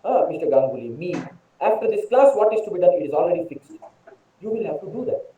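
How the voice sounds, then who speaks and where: A man's voice: high-pitched, animated, quick pace, dark tone, a little hiss or hum. A man from India with an Indian English accent gives a spiritual talk as a monk. He repeats key phrases and asks and answers his own questions. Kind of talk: spiritual lecture with storytelling. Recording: distant, echoey, dull online lecture audio.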